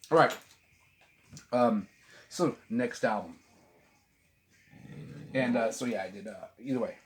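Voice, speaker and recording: A middle-aged man who hosts a vinyl channel talks about albums at home with his dog around. He speaks slowly in a medium-pitched voice, with long pauses, and rambles loosely, swearing freely and often breaking off to restart sentences. A camera mic on a tripod picks up his voice over a noisy background.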